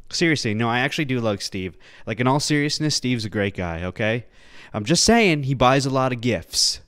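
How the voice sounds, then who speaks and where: A man's voice: medium pitch, expressive, normal speed, fairly bright tone, no echo, clean studio sound. A man hosting a solo podcast, talking casually over clips, sarcastic and rambling, with playful mock-earnest asides. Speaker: podcast host.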